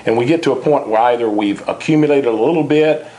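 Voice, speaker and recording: Speaking quickly in a warm, mid-range voice, this man is being interviewed about personal finance as the author of a book on the subject. He talks earnestly, at times repeating a word when starting a thought.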